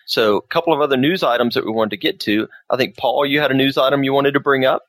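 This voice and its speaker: A man's voice: mid-range voice, fairly even intonation, fast talker, a bit bright, dry recording. A man hosting a podcast, talking in a friendly, conversational way. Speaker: podcast host. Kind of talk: casual podcast chat.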